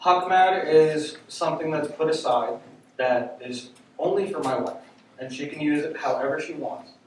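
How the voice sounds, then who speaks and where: A man telling a story live on stage, animated and often laughing as he speaks. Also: on the high side, normal speed. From United States. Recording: very echoey room, distant mic, faint noise.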